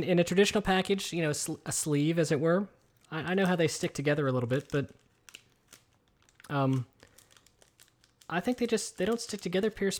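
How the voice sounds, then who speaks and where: Podcast co-host, male, higher-pitched, meandering and halting, headset mic in a home kitchen. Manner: rambling, hesitant, many fillers and restarts. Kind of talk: casual podcast chat. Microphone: headset microphone with headphones.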